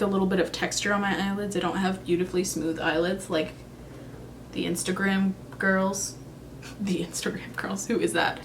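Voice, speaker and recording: A young beauty vlogger chats casually in a makeup review, thinking aloud and second-guessing herself. Her voice sits at medium pitch, with a little hiss or hum in the recording.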